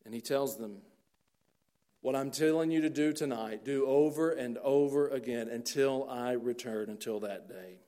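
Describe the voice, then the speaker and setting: A man preaching a sermon to his congregation, earnest and slowing down to stress key phrases. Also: mid-range voice, fairly even intonation, mellow. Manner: earnest, slows down for emphasis. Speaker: pastor.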